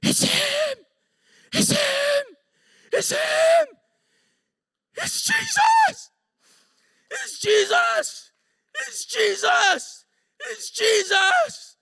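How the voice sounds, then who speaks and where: A man preaching, acting out an excitable young man who exclaims breathlessly. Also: very high voice, very slow, vocal fry, long pauses, no echo, voice pushed up, full character voice. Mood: ecstatic shouting.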